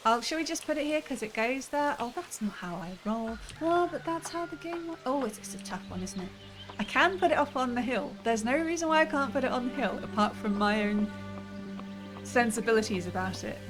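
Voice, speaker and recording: A woman's voice: a little high, animated, a little fast. A woman streaming a cozy building game, chatting with viewers and thinking aloud as she plays. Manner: chatty, musing aloud, frequent laughs. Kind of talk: casual gameplay commentary. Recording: game music playing behind.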